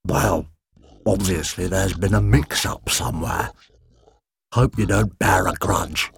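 A man voicing a hulking, furry male monster who speaks in a slow, unbothered drawl for an audiobook. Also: deep voice, creaky, a crowd in the background, heavily acted. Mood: amused. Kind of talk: audiobook character voice.

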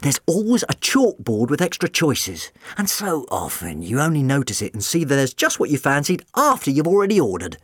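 A man reading aloud, voicing an excitable, playful man who talks fast and jokes under pressure. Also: fairly high pitch, slightly rough, no room sound, clean studio sound, pitched above the performer's own voice, exaggerated voice. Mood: musing. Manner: rapid, playful, quick-witted. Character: quick, excitable eccentric male time traveller.

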